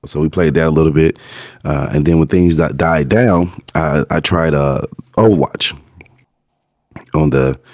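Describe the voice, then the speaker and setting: A man co-hosting a gaming podcast, talking casually with many fillers and restarts, hoarse from being sick. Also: a bass voice, a little slow, a little mellow, no room sound, clean studio sound. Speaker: podcast co-host.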